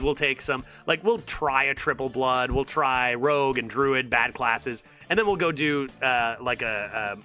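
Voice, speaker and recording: A man's voice: medium pitch, sharp tone. A man streaming a card game, exasperated and sarcastic as he thinks aloud and talks to his chat. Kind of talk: live gameplay commentary to chat.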